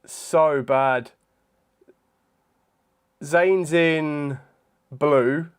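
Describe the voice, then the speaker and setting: A young man chatting casually on a live stream, thinking out loud in a hesitant way with frequent ums. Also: fairly high pitch, steady tone, very slow, clear, resonant tone. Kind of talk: casual live-stream chat during a trivia quiz.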